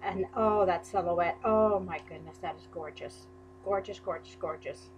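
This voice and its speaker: Over some background noise, a crafting YouTuber with a lowish voice unpacks a package she received in the mail, speaking at a moderate pace. Each item draws gushing exclamations from her as she films the unboxing.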